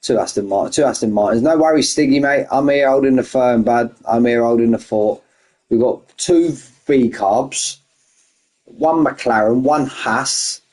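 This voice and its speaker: A man's voice: mid-range voice, unhurried, a little mellow. A man hosting an online racing league stream, chatting casually and greeting viewers one by one as mates. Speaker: race league host.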